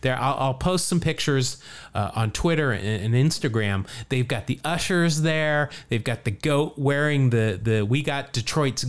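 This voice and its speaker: A man's voice: medium pitch, expressive, unhurried, clear, resonant tone. A man hosting a podcast, telling a story in casual chat, jokey and chatty, laughing often. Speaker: podcast host.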